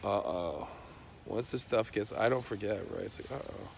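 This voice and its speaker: A man's voice: lowish voice, normal speed, creaky, a little hiss or hum. A man talking off the cuff in a rambling, profanity-laced stream of talk. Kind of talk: unscripted monologue to camera.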